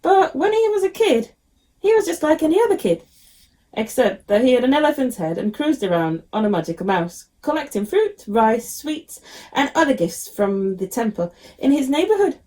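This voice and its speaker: A woman's voice: high voice, normal speed. Woman reading a picture book to children. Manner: expressive storybook reading, frequent ums. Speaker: teacher.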